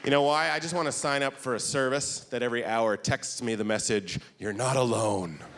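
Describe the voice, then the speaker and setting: A man doing a stand-up comedy set on a club stage, animated and quick to jump into silly voices, recorded live with audience laughter. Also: mid-range voice, noisy background.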